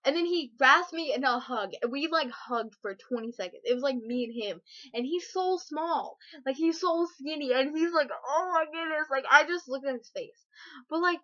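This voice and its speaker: A teenage girl vlogging, telling an excited personal story full of fillers, gushing and breathless, with sudden shrieks. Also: sits high, normal speed. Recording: dull lo-fi webcam audio.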